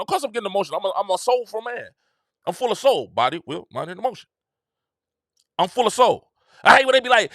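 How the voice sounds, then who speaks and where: A man hosts his own show in a slangy, emphatic riff. His voice sits high and swings widely in pitch, with a bright, tense edge, recorded dry and close. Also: lively intonation, rapid-fire, dry recording. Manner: repetitive, emphatic, slangy and conversational. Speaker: show host. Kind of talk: casual commentary monologue.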